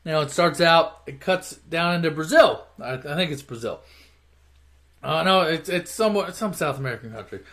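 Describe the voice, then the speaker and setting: A man with a high-pitched voice recaps a car movie series as a casual, profane rant. He swears nonstop and sneers at the plots. Now and then he bursts into shouted, put-on character voices. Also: animated, normal speed. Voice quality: swears constantly, mocks and rants.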